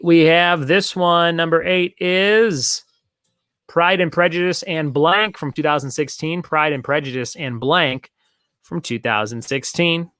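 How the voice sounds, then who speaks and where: A man's voice: fairly high pitch, a bit bright, no echo, clean studio sound. A man hosting a casual online trivia night, chatting in long rambling asides and repeating each question. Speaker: trivia host.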